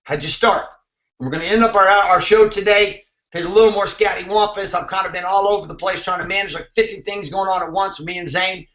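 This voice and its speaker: A man's voice: sits high, fairly even intonation, fairly quick, a bit bright, echoey room, lo-fi sound. A man hosting a motivational show, talking intensely and emphatically, with some swearing. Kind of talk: motivational talk to camera.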